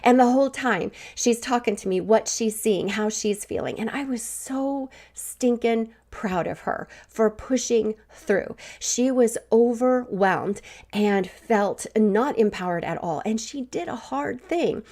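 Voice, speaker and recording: A woman's voice: fairly high pitch, measured pace. Grandmotherly woman telling a faith talk. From Southwest Missouri. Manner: warm storytelling with laughs. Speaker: podcast host. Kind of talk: faith-based encouragement talk.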